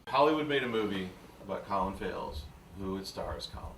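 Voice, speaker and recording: A man interviewing a high school athlete with playful, quick questions. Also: animated, vocal fry, a bit bright, far from the mic, slight background noise. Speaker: sports interviewer. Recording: roomy, off-mic with faint ambience.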